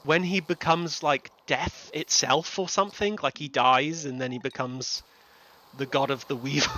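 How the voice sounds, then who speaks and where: A man's voice: medium pitch, normal speed, pushed and bright, slight background noise. A young man streaming a farming game, ranting animatedly and swearing in casual chat. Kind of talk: casual livestream chat while gaming.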